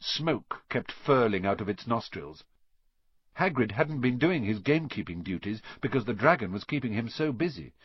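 A man's voice: medium pitch, expressive, moderate pace, slightly rough, dry recording. A man reading a children's storybook aloud, narrating expressively and voicing each character. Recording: dull dry recording.

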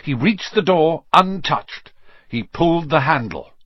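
Husky-voiced man reading a storybook aloud. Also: fairly high pitch, unhurried, no echo. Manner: expressive, varied reading. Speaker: audiobook reader. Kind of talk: storybook narration. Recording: slightly dull lo-fi recording.

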